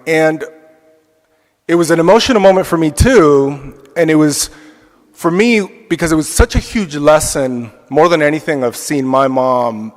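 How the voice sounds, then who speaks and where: A man teaching an adult church class, telling a personal story in a reflective way with casual fillers. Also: fairly high pitch. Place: church hall. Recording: long reverb of a church hall.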